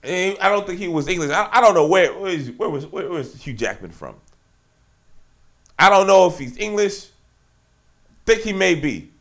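Animated, gravelly-voiced man ranting. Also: sits high, normal speed, pauses often. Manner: slangy, animated ranting with frequent asides. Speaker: podcast host. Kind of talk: solo sports podcast monologue.

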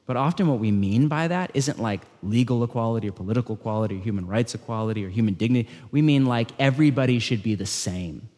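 A man preaching a sermon in a conversational style, swinging between loud emphasis and hushed lines. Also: medium pitch, fast, few pauses. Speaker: pastor. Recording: long hall reverb.

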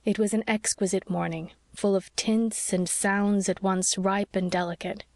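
A woman narrating an audiobook in a calm, measured way. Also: mid-range voice, no echo, studio quality. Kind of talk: scripted narration.

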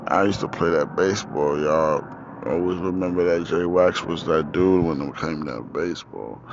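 A man's voice: sits low, creaky. A young man hosting his own podcast, telling a story in casual street slang, outdoors with four-wheelers passing. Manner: animated, profane, street slang. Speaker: podcast host. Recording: dull lo-fi, faint outdoor vehicle noise.

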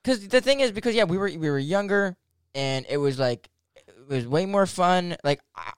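A man's voice: sits high, normal speed, clear, resonant tone, no echo, studio quality. A man in his twenties hosting a casual podcast chat, telling stories with lots of laughter and casual swearing. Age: 20s. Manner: animated storyteller, laughs often, swears casually. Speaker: podcast host.

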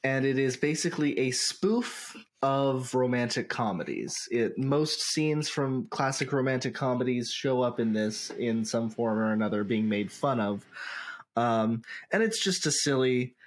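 A man's voice: medium pitch, lively intonation, measured pace. A man co-hosting a casual podcast, rambling with fillers and laughing often. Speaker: podcast co-host. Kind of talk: casual chat. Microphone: podcast microphone.

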